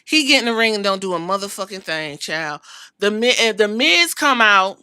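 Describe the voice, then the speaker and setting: A woman's voice: mid-range voice, sing-song, normal speed, sharp tone, clean tone, dry recording, clean studio sound. A woman hosting a podcast, recapping wrestling in a sassy, profane storytelling way and acting out what the wrestlers said. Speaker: podcast host.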